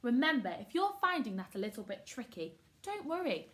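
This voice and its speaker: A woman's voice: a little high, sing-song, fairly quick. A woman teaching a phonics lesson to young children, upbeat and encouraging, sounding words out syllable by syllable. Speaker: primary school teacher.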